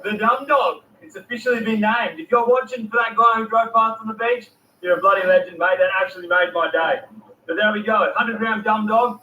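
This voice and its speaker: A young Australian man with a strikingly high, bright voice, narrating a fishing trip with eager exclamations. He sounds set back from the camera, his voice echoing, with faint outdoor ambience behind. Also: a little fast, dull audio, a little hiss or hum. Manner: enthusiastic, exclaiming, slangy. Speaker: fishing vlogger. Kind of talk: excited outdoor vlog commentary. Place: fishing boat at sea. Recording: distant, echoey mic.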